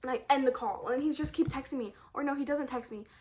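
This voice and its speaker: A teenage high school girl with a high voice rants to her camera in a storytime vlog. She talks in an exasperated, animated way, repeating lines and swearing as she piles on complaints. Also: fast, a little hiss or hum. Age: teens. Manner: exasperated, animated ranting with frequent swearing and repetition.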